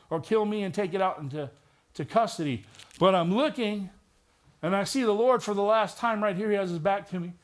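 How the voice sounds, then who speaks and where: In a church, a high-voiced, middle-aged retired police detective gives a vivid personal testimony. He laces it with touches of wry humor.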